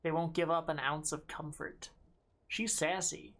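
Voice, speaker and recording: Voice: mid-range voice, steady tone, unhurried, a bit bright. A streamer giving live gameplay commentary, talking to themself and to chat and swearing freely.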